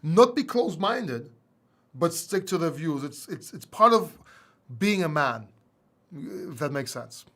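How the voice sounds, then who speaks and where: Chatty livestream host, slight Greek accent. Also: male voice, on the high side, lively intonation, measured pace, a bit bright. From England. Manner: chatty, reads viewer questions aloud, often says "man". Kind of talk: casual livestream Q&A.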